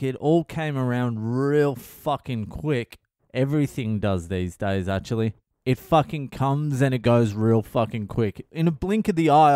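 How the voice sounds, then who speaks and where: A man's voice: medium pitch, darkish tone, clear, resonant tone, no room sound. Sweary man, dry close sound. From Australia. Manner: sweary, wry, rambling. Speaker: comedian podcast host. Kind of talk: casual solo podcast monologue.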